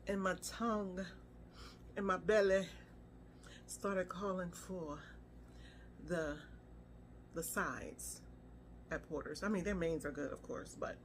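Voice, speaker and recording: Chatty woman food vlogger, lowish voice. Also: noisy background. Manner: chatty and playful, hums and exclaims while tasting. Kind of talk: casual food review vlog.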